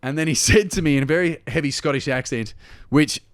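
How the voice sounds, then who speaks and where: A man's voice: on the high side, a little fast. An Australian man, a comedian guest, telling stories in a casual chat and acting out the people he quotes. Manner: animated storyteller, acts out quotes.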